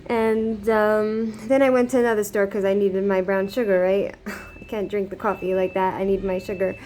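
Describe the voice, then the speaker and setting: A woman's voice: mid-range voice, level tone, moderate pace, darkish tone. Rambling woman vlogger, faint background hiss. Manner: rambling, many fillers and restarts, laughs often. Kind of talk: casual storytelling to camera. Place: living in Israel.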